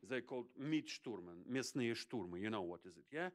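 A man speaks on a forum panel with passion, his English halting and broken by apologies. His voice sits in an ordinary middle pitch. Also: animated. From Chechnya. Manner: halting non-native English, frequent apologies, emphatic. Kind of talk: impassioned panel remarks.

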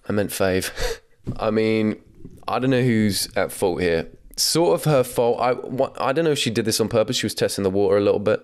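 Low-voiced young man doing comedic commentary. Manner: wry, laughs often, casual swearing. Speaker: commentary host.

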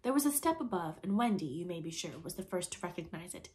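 Woman, storybook narration, audiobook reader, expressive, lower pitch. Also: fast, hardly any pauses. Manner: expressive, lively reading.

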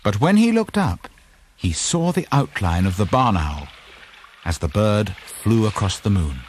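A man reading a children's storybook aloud in a lively, expressive scripted narration. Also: on the low side, measured pace, a little hiss or hum. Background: background music.

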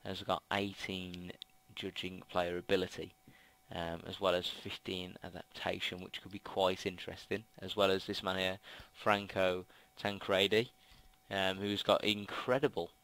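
A man's voice: sits low, flat delivery, a little slow, fairly bright tone, rough recording. A young man with a Brummie accent giving casual game commentary into a headset mic, rambling with lots of ums and restarts. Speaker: gaming commentator. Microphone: gaming headset mic.

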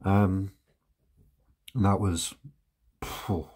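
British guy, low husky voice, loose reaction host who laughs and hesitates a lot. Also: level tone, drawn-out words, darkish tone. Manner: hesitant, lots of ums, laughs often. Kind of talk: casual reaction commentary.

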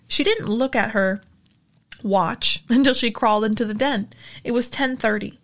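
A woman narrating a novel in a steady storytelling manner, as a regular audiobook reader. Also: on the high side. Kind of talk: reading a novel aloud.

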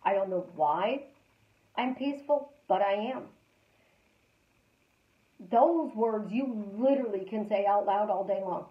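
A woman hosting a live stream as a life coach, talking casually and repeating calm affirmations in a chatty, storytelling way. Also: medium pitch, measured pace, pauses often, roomy sound, lo-fi sound.

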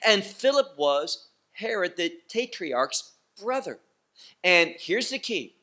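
Slow, emphatic male bible teacher. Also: sits high, big pitch swings, sharp tone. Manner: slow, emphatic, with pointed repetition.

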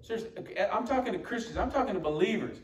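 A man's voice: sits high, expressive, quick pace, a little hiss or hum. A man preaching a sermon as pastor, emphatic and quoting scripture. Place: church sanctuary. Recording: echoey church room from far off.

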